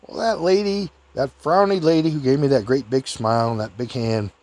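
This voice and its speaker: Fairly quick and darkish in tone, an older man relates a rambling story about himself in a casual way. He chuckles a lot and shifts his voice upward to quote others.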